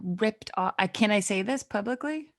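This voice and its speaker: A woman's voice: mid-range voice, animated, normal speed, no room sound, studio quality. A woman co-hosting a casual podcast chat, reacting to her partner and teasing her with stories of her own. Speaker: podcast co-host.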